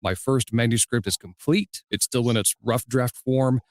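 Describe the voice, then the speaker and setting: An easygoing male podcast host with a faint Southern US accent, speaking at a middling pitch. He tells stories and asks his questions in a measured, relaxed way. The sound is dry and close, with no room around it. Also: no echo. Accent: slight Southern US. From Southern United States. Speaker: podcast host and audiobook narrator. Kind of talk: casual interview chat.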